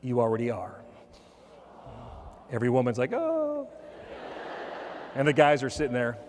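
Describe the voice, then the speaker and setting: A man giving a motivational keynote talk, telling a personal story with humor and dropping softer for quoted lines. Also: medium pitch, fairly even intonation, brisk, slight background noise. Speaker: motivational speaker. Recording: long hall reverb.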